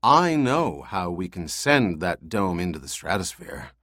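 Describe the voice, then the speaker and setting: A man's voice: low voice, big pitch swings, unhurried, fairly bright tone, no echo, clean studio sound, full character voice. A man voicing a tough ship captain in an audiobook, steely and commanding. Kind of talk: audiobook character voice.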